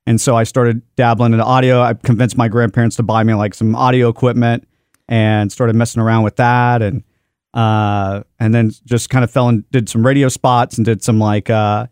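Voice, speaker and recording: Casting: easygoing man from Dallas, mid-pitched, self-mocking studio owner on a dry studio mic. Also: little pitch movement, moderate pace, darkish tone, clear, resonant tone, no room sound. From Dallas, Texas. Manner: easygoing, self-deprecating jokes. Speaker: studio owner and podcast guest. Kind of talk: casual podcast interview. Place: podcast studio.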